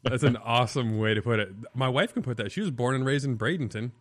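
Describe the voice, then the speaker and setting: A man's voice: mid-range voice, fast talker, no room sound. A man who grew up on the Illinois-Wisconsin border, talking casually as a podcast guest, rambling with lots of "like". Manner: casual, rambling, says "like" a lot. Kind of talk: casual chat.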